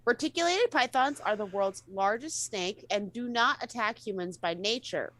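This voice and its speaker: A woman's voice: a little high, animated, normal speed, a bit bright, low-quality recording. A woman reading odd news stories aloud on a casual show, stumbling and correcting herself as she goes. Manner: reads with stumbles and self-corrections.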